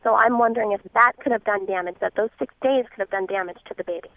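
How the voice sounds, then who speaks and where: Brief: worried woman phone caller, rushed and gravelly, tinny phone-line sound. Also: medium pitch, no room sound. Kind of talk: call-in radio conversation.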